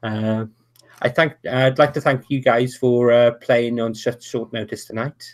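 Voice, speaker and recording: A man's voice: mid-range voice, steady tone. A man running a tabletop wrestling game as game master, narrating with many restarts and fillers over an online call. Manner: halting, full of restarts and "uh". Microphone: online video call.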